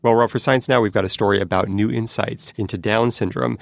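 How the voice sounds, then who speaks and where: A man explaining science news on a podcast in a lively, explanatory way, answering a host's questions. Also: on the low side, a little fast, vocal fry, dry recording, studio quality. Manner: lively, explanatory, demonstrates sounds.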